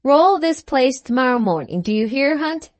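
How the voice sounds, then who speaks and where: A woman's voice: sits high, lively intonation, moderate pace, dry recording, voice pushed up. A woman voicing a fierce, pompous little captain who blusters and roars at his servants. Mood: blustering. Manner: blustering, roaring, wrathful.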